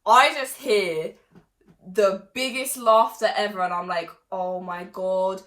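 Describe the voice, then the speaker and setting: A young woman telling a personal story to camera in a chatty, animated way, with laughs and sudden loud bursts. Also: medium pitch, slow pace. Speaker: vlogger.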